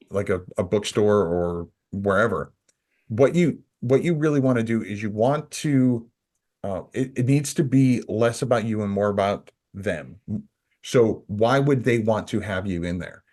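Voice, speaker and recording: A man's voice: on the low side, lively intonation, unhurried, darkish tone. A man co-hosting a podcast, talking casually and rambling, full of restarts and "you know". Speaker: podcast co-host.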